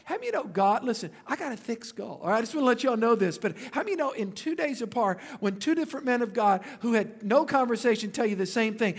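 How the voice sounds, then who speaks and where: A man's voice: very high voice, animated, fairly quick, gravelly, few pauses, some chatter behind. A man, preaching a sermon and telling stories with joking asides to the congregation. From Louisiana. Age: 50s. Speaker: pastor.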